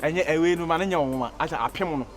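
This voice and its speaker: An actor with a Ghanaian accent playing a village friend who chimes in with drawling interjections. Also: male voice, fairly high pitch, rapid-fire, close to an everyday voice. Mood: chatting. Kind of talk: comedy film dialogue. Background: music.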